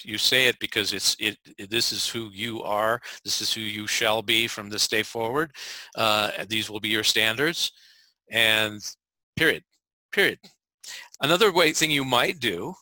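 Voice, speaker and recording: Man, podcast co-host, very bright sharp tone, dry close sound. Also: medium pitch, no room sound, poor audio. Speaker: co-host coach. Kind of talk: podcast coaching talk.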